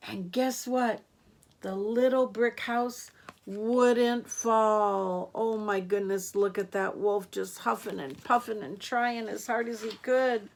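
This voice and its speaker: Slow, gentle woman reading a storybook. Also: medium pitch, steady tone, vocal fry. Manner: gentle, asks the listener questions. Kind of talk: read-aloud storytelling.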